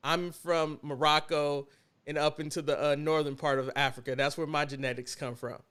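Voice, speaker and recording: Bright-voiced man hosting wrestling podcast. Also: a little high, level tone, moderate pace, clean tone. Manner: laughing, teasing banter. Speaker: podcast host. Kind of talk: casual chat. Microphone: video call.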